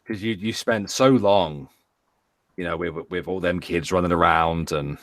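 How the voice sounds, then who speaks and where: A British man co-hosting a casual talk show, rambling and stammering as he retells things with animated quotes. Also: deep voice, a little slow, no room sound. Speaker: podcast co-host. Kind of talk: casual chat.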